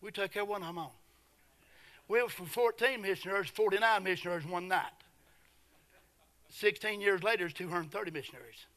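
Middle-aged male pastor, high ringing voice, fervent sermon with quiet lulls and shouted peaks. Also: fairly quick, long pauses. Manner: fervent, swings from hushed to shouting.

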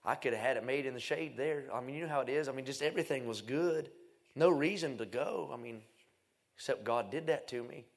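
A middle-aged man, an evangelist preaching a revival sermon in a folksy, self-mocking storytelling way, swinging from loud to hushed. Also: medium pitch, a little fast, vocal fry.

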